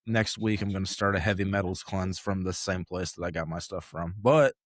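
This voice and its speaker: A man's voice: low voice, a little fast, no room sound. A man chatting casually on a podcast, rambling with lots of fillers. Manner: relaxed, rambling with frequent fillers. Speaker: podcast host. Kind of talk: casual chat. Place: home podcast setup.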